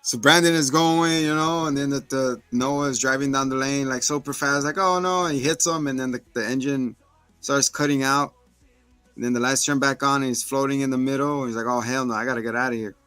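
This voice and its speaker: A man co-hosting a podcast, retelling film scenes in an animated, slangy way. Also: medium pitch, fairly quick, clear, resonant tone, no room sound, soft background music. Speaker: podcast co-host reviewing a film. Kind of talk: casual chat.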